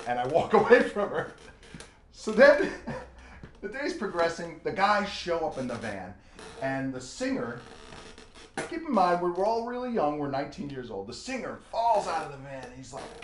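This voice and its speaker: Man, drummer guest, lively pitch, a bit high, laughing storyteller, echoey room, faint noise. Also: normal speed. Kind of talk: casual anecdote telling.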